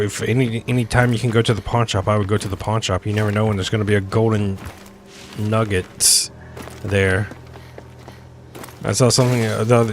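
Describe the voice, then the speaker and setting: A young man casually commentating while playing a game, rambling, joking and interrupting himself. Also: fairly low pitch. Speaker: streamer.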